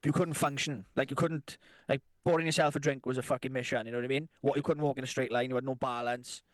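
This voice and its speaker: A man's voice: mid-range voice, steady tone, quick pace, no room sound. A man co-hosting a podcast, telling crude stories with lots of swearing, laughing and acted-out quotes. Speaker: podcast co-host. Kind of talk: crude casual storytelling.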